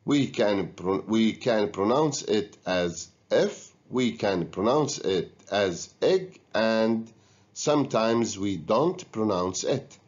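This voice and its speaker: A man's voice: on the low side, animated, slow pace, a little mellow. A man teaching an English lesson, giving patient step-by-step instructions to students. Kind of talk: recorded classroom lesson. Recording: dull lo-fi recording.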